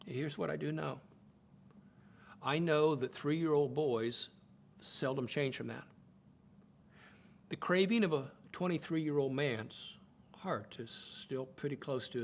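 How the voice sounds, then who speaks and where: Expressive older man telling a story. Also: measured pace, slight background noise. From United States. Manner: expressive, acts out quotes with swings in pitch and loudness; repeats words when starting phrases. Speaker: speaker teaching on marriage. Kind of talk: sermon-style talk with storytelling.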